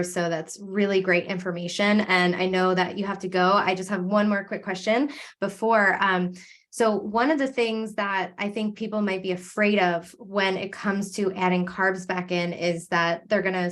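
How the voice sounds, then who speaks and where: A woman's voice: mid-range voice, fairly bright tone. A woman podcast host in a casual interview, encouraging her guest and asking questions.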